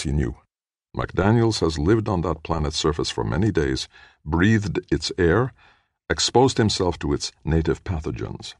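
A man narrating an audiobook in a measured way, lifting his voice a little for the characters' lines. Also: very animated, no room sound, studio quality. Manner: measured, lightly voices characters with a raised pitch. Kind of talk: scripted narration.

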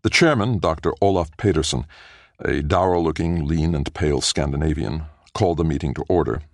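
A man narrating a science fiction audiobook in a measured, even storytelling manner. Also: a bass voice, dry recording, studio quality. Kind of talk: scripted narration.

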